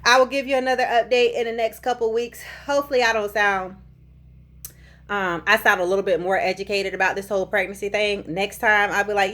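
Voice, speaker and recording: A woman's voice: medium pitch, brisk. A woman in her thirties, a little out of breath, chatting jokingly in a casual pregnancy update vlog. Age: 30s. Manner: animated, joking, playful sing-song bursts. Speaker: vlogger.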